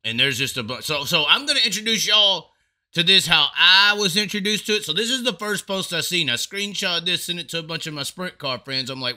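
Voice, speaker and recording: A man hosting a casual racing commentary, animated and profane, with laughing asides. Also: sits high, fairly quick. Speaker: racing show host.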